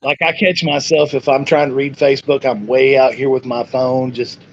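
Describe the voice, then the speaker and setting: A man's voice: mid-range voice, flat delivery, moderate pace, muffled recording. A man in his forties, a paranormal investigator guest, chatting in an easygoing, agreeable way. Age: 40s. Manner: easygoing, agreeable, short replies. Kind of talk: casual interview chat.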